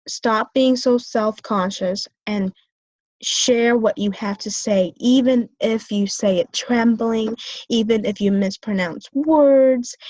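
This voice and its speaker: A woman's voice: medium pitch, darkish tone, dry recording, highs cut off. A young woman in her twenties, a student, talking through her own strengths and weaknesses in a hesitant way, with many fillers and restarts. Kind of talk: self-reflective talk.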